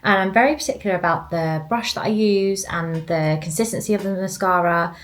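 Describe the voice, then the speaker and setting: A woman's voice: fairly low pitch, brisk. A young woman in a casual vlog, chatting to her handheld camera at home, rambling with lots of fillers. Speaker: vlogger.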